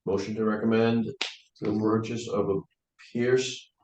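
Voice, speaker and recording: A man's voice: fairly low pitch, little pitch movement, unhurried. A man chairing a town committee meeting, asking plain procedural questions and calling votes. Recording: distant mic in an echoey, noisy room.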